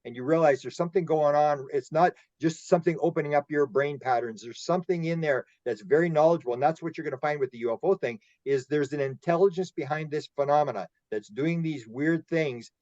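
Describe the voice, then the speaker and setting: A man's voice: fairly high pitch, a little fast, hardly any pauses, darkish tone, no room sound. Rambling man on dull audio. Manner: rambling, repeats words while telling stories. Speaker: roundtable guest researcher. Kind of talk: casual roundtable discussion.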